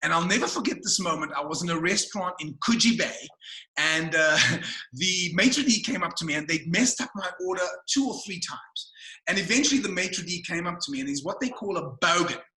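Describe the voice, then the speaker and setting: Male motivational speaker, high-pitched, bright, emphatic, rhetorical questions, echoey room. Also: lively intonation, brisk. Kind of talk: motivational webinar talk. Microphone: video call mic.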